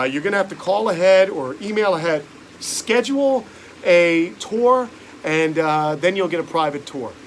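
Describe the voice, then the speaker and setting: A man's voice: high-pitched, a little hiss or hum. A man hosting a casual live stream outdoors, chatty and enthusiastic, talking straight to his viewers. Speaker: reptile channel host. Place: outdoors by a pond.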